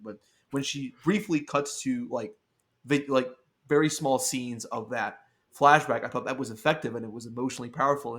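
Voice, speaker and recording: A man guests on a podcast as a film critic, reviewing a movie in casual chat that's blunt and sweary, with frequent laughter and piled-up fillers. His voice is medium-pitched and a bit bright.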